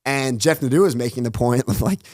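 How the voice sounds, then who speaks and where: A man's voice: mid-range voice, lively intonation, a little mellow, dry recording, studio quality. A man on a podcast as a guest, telling stories in a casual way and acting out quoted lines, with constant "like" fillers. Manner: fast retelling, acts out quoted dialogue, heavy use of "like". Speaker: podcast guest, runs his own online show. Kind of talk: casual storytelling interview.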